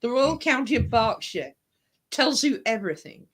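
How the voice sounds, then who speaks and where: A woman's voice: fairly high pitch, big pitch swings, moderate pace. A woman from England with a trained, broadcaster-like British accent, chatting in a casual group talk and explaining at length. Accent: British, trained broadcaster-style.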